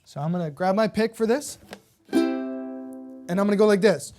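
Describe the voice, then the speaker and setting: A woman's voice: medium pitch, normal speed, music in the background. Encouraging woman teaching ukulele. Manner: patient, encouraging, checks in with "okay?" often. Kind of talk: step-by-step music lesson, counting beats aloud.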